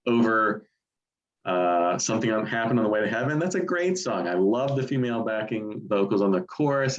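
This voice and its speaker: A man co-hosting a podcast, casually and enthusiastically explaining why he ranks an album highly. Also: muffled recording. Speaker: podcast co-host. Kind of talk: casual music review chat.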